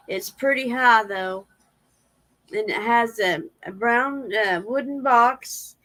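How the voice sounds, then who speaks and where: A woman's voice: on the high side, pushed and bright, poor audio. A woman, rambling in a casual livestream chat and reading viewer comments aloud. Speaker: livestream host.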